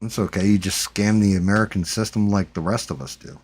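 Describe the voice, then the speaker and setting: A man with a very low voice hosts a livestream, chatting in a loose, rambling way. He swears freely and keeps the talk relaxed and offhand. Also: brisk, breathy edge. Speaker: livestream host. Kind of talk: casual chat.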